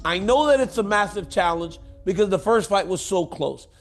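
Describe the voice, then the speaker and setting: A man with a notably high voice talks casually about a fight. He is enthusiastic and speeds up in bursts, with faint music behind. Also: lively intonation, moderate pace. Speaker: fighter giving a prediction. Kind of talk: casual conversational prediction.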